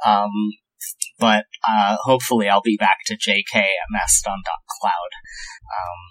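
A man's voice: fairly low pitch, fairly even intonation, unhurried, a bit bright, no echo, rough recording. A man co-hosting a casual podcast, joking wryly and rambling with filler words. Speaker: podcast co-host.

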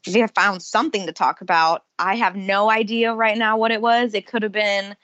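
A woman telling personal stories as a guest in a casual interview, lively and often laughing. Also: mid-range voice, moderate pace, no echo, dull audio.

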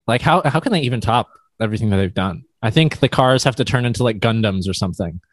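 A man's voice: mid-range voice, lively intonation, fast talker, no echo, studio quality. A man co-hosting a podcast over a video call, easygoing and agreeable. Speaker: podcast co-host. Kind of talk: casual chat. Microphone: own mic on a video call.

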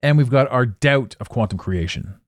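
A man hosts his own podcast in a loose, rambling monologue, swearing and chuckling at his own lines. His pitch swings widely as he talks. The sound is dry and close to the mic. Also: moderate pace, no echo. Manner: animated, swearing, laughing at his own jokes. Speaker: podcast host.

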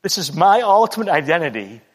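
Guy preaching, kinda high voice, earnest and repetitive, big echoey hall. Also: very animated, brisk. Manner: earnest, repetitive, acts out quoted boasts. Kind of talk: sermon.

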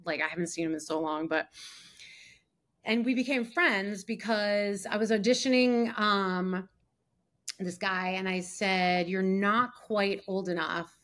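A woman's voice: mid-range voice, a little slow, fairly bright tone. Chatty woman telling stories in a podcast. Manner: chatty storyteller, many fillers and acted quotes. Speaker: guest, actor and casting director. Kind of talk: casual podcast chat.

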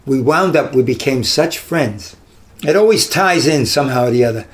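In an interview captured with poor audio, a retired detective, now an older man, relates stories from his career. He speaks at normal speed with a medium pitch, animatedly acting out the voices of the people he quotes.

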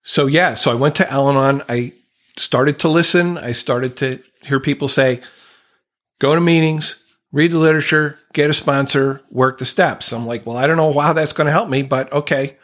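A man's voice: mid-range voice, fairly even intonation, moderate pace, fairly bright tone. Earnest man telling his recovery story. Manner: earnest, reflective, openly emotional. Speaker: guest sharing recovery story. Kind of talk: candid conversational storytelling.

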